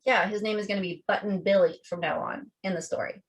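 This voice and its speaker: A woman co-hosting a podcast, chatting casually and telling a story in an animated, profane way. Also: medium pitch, quick pace, slightly rough, poor audio. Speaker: podcast co-host. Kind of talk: casual chat.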